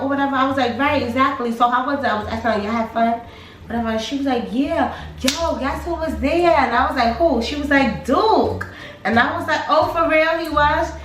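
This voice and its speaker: A woman's voice: medium pitch, distant mic. A young woman casually telling a storytime vlog, retelling friends' conversations with lots of fillers. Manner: chatty, animated retelling with quoted dialogue and fillers. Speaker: storytime vlogger. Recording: echoey room, voice a bit off-mic, faint music.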